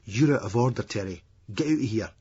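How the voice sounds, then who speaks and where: A man's voice: on the low side, lively intonation, fairly quick, mellow, husky. A man voicing a proud former boxer who speaks firmly and levelly. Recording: dull lo-fi audiobook recording.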